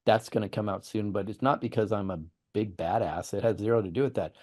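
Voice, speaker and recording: A man's voice: lowish voice, steady tone, fast, darkish tone. A man hosting an interview, explaining his views earnestly with examples and often repeating words. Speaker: host. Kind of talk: interview conversation.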